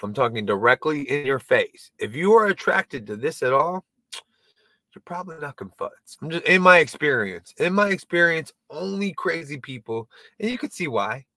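A male comedian talks straight to the camera in a loose, rambling monologue. He keeps mocking himself, swears freely and trips over his restarts. His voice is bright and fairly high for a man, and the sound is dry and close. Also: animated, moderate pace, no room sound. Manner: rambling, self-deprecating, profane, with many stumbles and restarts. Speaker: comedian and video creator. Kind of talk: casual stand-up monologue to camera.

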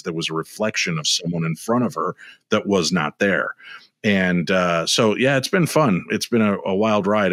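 Middle-aged guy on a video call, lowish voice, dry sound, acts out his stories. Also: no room sound. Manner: animated storyteller acting out dialogue. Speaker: guest. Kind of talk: storytelling interview.

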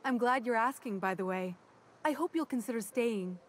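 A woman's voice: a little high, normal speed, close to an everyday voice. A woman voicing a folksy, chatty commune greeter. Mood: friendly. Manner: chatty, folksy, eager to please. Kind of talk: video game dialogue.

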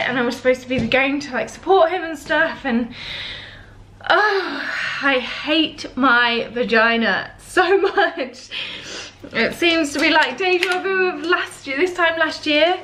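A young woman talking casually to camera in a vlog, chatty and expressive, often exasperated. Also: high voice. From United Kingdom. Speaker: lifestyle vlogger.

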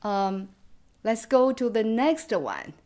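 A woman's voice: on the high side, very animated, slow pace, a little mellow. A woman with a Chinese accent, a native Chinese speaker, teaching English pronunciation in a bilingual lesson and repeating sounds after her partner.

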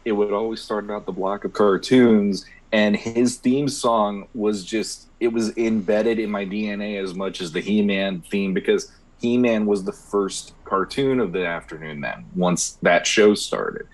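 A man with a fairly low voice, talking through childhood memories in a relaxed podcast chat. He starts lines over now and then as he searches for the detail. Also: measured pace, poor audio. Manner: nostalgic storytelling, hesitant restarts. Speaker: podcast co-host. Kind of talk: casual chat.

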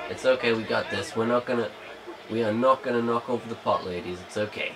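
A man's voice: medium pitch, fast, crowd noise, poor audio. A man casually commenting on his gameplay as a let's play host, jokey and playful, humming and muttering to himself.

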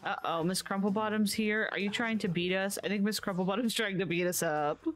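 A woman talks casually into a close mic as she plays a game, chatting away to her viewers. Her voice sits at a middling pitch, and she reacts out loud with quick laughs and gasps. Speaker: gaming video creator. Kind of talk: casual gameplay commentary.

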